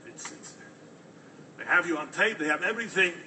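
A man's voice: a little high, lively intonation, brisk, sharp tone, far from the mic, a little hiss or hum. A man voicing a blunt, frank big-city lawyer in a told story. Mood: grim.

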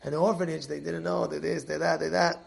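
A man teaching a Torah class as an animated storyteller who repeats and restarts his phrases. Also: fairly high pitch, fast talker, creaky.

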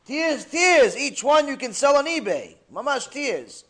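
A man teaching a religious class as a sermon, telling stories with energy, swinging from loud bursts to hushed asides. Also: extremely high pitch, a little slow. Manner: animated storyteller, acting out characters, swings from loud to hushed.

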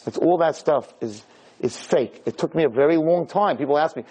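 A rabbi giving a Torah lecture to a live audience in a room. He speaks emphatically, repeats his points and swings his pitch up and down. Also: moderate pace, dark tone, breathy edge, low-quality recording.

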